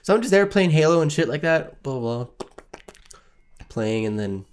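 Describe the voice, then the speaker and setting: A young man co-hosting a casual podcast. He tells a story in a relaxed way and chimes in with short agreements. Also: fairly high pitch, normal speed, clear, resonant tone. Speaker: podcast co-host. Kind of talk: casual chat.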